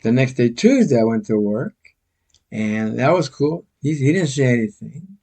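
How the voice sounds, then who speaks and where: A man's voice: mid-range voice, lively intonation, normal speed, warm tone, breathy edge. Older American man, casual storyteller, rambling and self-mocking.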